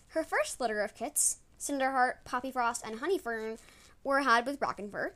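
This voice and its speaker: A woman's voice: high-pitched, moderate pace, fairly bright tone, slight background noise. A woman hosting a casual podcast, stumbling over words and laughing at her own slips. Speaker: podcast host. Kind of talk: casual podcast talk with bloopers.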